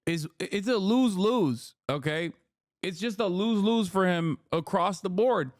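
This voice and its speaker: A man giving casual political commentary as a streamer, animated and profane, often tagging his points with "okay?". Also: a little high, no echo, clean studio sound. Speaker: streamer reacting to news.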